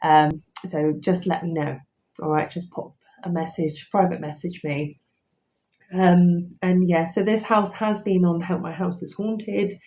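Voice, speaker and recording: A paranormal investigator streams live on her phone from a house at night, the room echoey and roomy. Her fairly low, slightly mellow voice has fairly even intonation and an unhurried pace as she chats casually and rambles with lots of ums.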